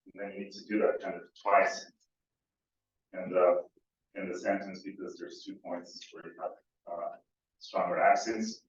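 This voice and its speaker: Low-voiced guy giving a conference talk, lots of uhs and restarts, far from the mic, super echoey hall, dull sound. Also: monotone, moderate pace, a little hiss or hum. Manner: hesitant, many fillers and restarts. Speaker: conference speaker. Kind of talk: academic talk. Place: lecture room. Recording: distant mic, echoey room, dull audio.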